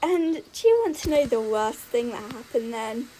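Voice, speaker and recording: A woman's voice: fairly high pitch, animated, normal speed, dark tone, a little hiss or hum, poor audio. A young woman telling gaming stories in a chatty, giggly way, full of "like" and "um". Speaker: gaming YouTuber. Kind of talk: casual storytelling over gameplay.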